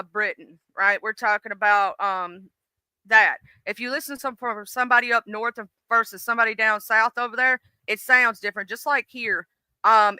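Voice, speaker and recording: A woman's voice: on the high side, pushed and bright, clear, resonant tone, no echo. A middle-aged woman hosting a live stream in casual, rambling chat, full of fillers and restarts. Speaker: livestream host.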